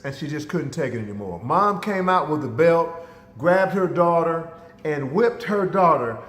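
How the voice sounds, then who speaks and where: A man's voice: on the high side, a bit bright. A man giving a motivational talk, speaking emphatically and addressing listeners directly, with stories woven in. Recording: echoey hall reverb.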